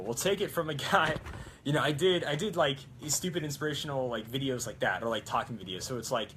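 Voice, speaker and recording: A man's voice: medium pitch, fast, fairly bright tone, a little hiss or hum. A man cosplayer chatting casually on a live stream, rambling and correcting himself with little jokes. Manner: rambling, self-correcting and jokey.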